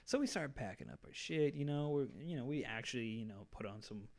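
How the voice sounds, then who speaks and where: Give me a lively young man telling a story to friends, cursing freely and doing everyone's voices. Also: mid-range voice, a little fast, gravelly. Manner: animated, profane, acts out quoted voices. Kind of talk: casual storytelling.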